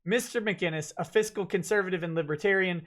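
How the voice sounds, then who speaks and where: During a live stream, a man plows through a lawsuit complaint's dense legal language, stopping for jokey, blunt sarcastic comments. He speaks briskly in a high, slightly bright voice.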